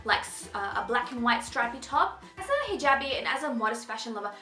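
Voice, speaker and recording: A high, bright young woman gushes through a casual fashion haul in a bubbly, chatty way. Her voice rings in an echoey room, with faint music playing underneath. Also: big pitch swings, fairly quick. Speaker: fashion vlogger.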